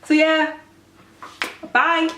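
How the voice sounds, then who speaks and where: Brief: young woman, bright higher voice, chatty self-mocking storyteller, roomy sound from a distant camera. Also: flat delivery, drawn-out words, background noise. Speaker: vlogger. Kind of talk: casual storytime chat to camera. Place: room at home. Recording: roomy sound from a far mic.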